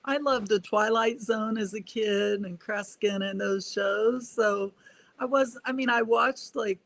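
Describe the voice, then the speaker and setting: A woman's voice: fairly high pitch, fairly even intonation, measured pace. An older woman, a guest speaker on a panel, chatting casually and laughing often.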